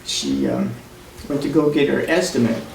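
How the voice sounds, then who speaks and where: A man's voice: medium pitch, huge pitch swings, normal speed, vocal fry, darkish tone. Folksy man telling stories at a memorial. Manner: folksy, rambling, laughs often. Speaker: friend speaking at a memorial. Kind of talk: anecdotal storytelling at a memorial. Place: memorial service room. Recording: distant mic in an echoey hall with noise.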